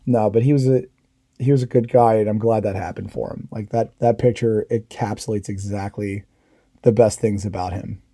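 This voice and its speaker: A man's voice: lowish voice, steady tone, moderate pace, warm tone, breathy edge, no room sound, clean studio sound. A middle-aged man, a veteran hosting a podcast, telling war stories in a casual, candid way and swearing freely. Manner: candid, swears freely, quotes comrades in raised voices. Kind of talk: casual storytelling.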